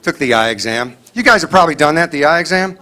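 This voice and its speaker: A man's voice: fairly high pitch, fast talker. Middle-aged man doing clean stand-up. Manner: animated, acts out scolding parents in quoted voices. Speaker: stand-up comedian. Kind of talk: stand-up comedy set. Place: stage before a live audience.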